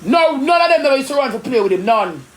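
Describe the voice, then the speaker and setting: A woman with a Jamaican accent, ranting indignantly in rapid patois on a live stream. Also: high voice, very animated. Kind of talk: heated live-stream rant.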